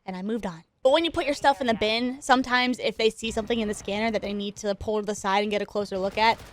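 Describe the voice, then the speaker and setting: A woman gaming creator telling a story in casual chat while she plays, animated and excitable, with chatty asides and frequent laughs. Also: medium pitch, fast talker, slight background noise. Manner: chatty, self-interrupting asides.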